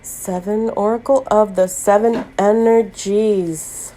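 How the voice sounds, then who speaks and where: A woman's voice: mid-range voice, fairly even intonation, slow, dark tone. A middle-aged woman hosting a tarot channel, gushing and choked up as she unboxes gifts in a vlog. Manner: emotional, gushing, near tears.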